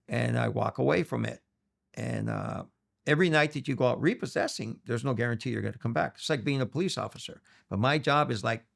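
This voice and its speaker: A man's voice: mid-range voice, gravelly. A middle-aged man from Los Angeles, telling stories as an interview guest and acting out the voices of people he quotes. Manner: animated storyteller, acts out quoted voices. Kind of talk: storytelling interview.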